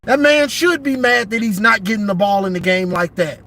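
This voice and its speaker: A man's voice: high-pitched, steady tone, normal speed, gravelly, sharp tone. A man ranting casually about football on a livestream from inside his car, emphatic and repeating himself. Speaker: sports commentator vlogger.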